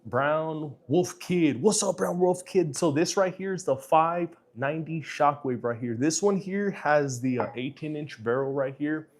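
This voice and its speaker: A man's voice: a little high, unhurried, few pauses. A middle-aged man hosting a casual livestream, answering chat in a laid-back, profane way with lots of fillers.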